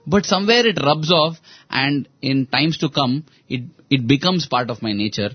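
A man's voice: mid-range voice, expressive, normal speed, husky, dry recording, muffled recording. Earnest man telling parables. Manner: earnest, retells parables with quoted dialogue. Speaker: speaker on a spiritual talk show. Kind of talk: storytelling spiritual talk.

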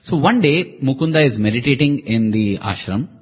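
A man's voice: mid-range voice, lively intonation, moderate pace, husky, dull audio. A man telling a devotional story in an earnest, reflective way, with sudden lifts in his voice. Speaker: devotional speaker.

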